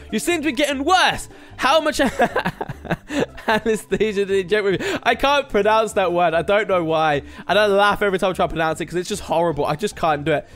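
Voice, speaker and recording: Young male game host, high voice, bouncy pitch, rambling self-mocking commentary. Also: fairly bright tone. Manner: chatty, rambling, laughs at himself. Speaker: gaming video host. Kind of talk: casual let's-play commentary.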